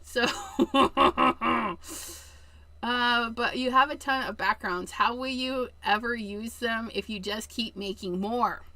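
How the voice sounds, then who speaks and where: Slow, bright-voiced woman crafting live. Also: fairly high pitch, no echo. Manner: chatty, addresses viewers as "you guys", giggly asides. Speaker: card-making live streamer. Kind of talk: casual live-stream craft demo.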